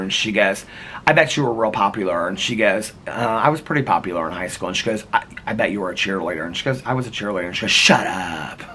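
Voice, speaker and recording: A middle-aged man talks to his camera in a loose, rambling way, laughing often as he acts out favorite movie quotes. His voice is bright and forward. A faint hiss sits under it. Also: lowish voice. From United States. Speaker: vlogger. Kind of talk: casual chat.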